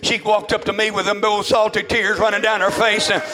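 An older man, a preacher, giving a fervent sermon testimony, peppered with amens and rising to shouts. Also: high-pitched, level tone, fairly quick, a crowd in the background.

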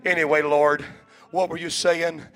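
A man pastor preaching a sermon in a church, with a rhythmic cadence that swells into shouts and frequent "uh" breaths. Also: a little high, little pitch movement, a little slow. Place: church sanctuary before a congregation.

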